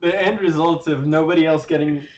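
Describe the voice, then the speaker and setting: A man's voice: fairly high pitch, steady tone, a little fast, crowd noise. A man hosting a podcast, reacting with profane enthusiasm and asking questions in casual chat. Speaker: podcast host. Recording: roomy, distant, dull-sounding mic.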